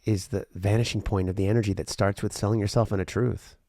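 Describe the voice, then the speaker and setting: A male podcast host talking alone, earnest and rambling, with a lot of repeated words, going from intense to quiet and emotional. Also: lowish voice, steady tone, fast, dry recording, studio quality. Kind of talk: reflective solo podcast monologue.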